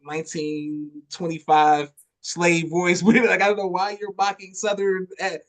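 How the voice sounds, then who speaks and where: A man hosting a podcast in casual interview chat, relaxed and loose with his phrasing. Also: sits high, moderate pace. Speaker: podcast host.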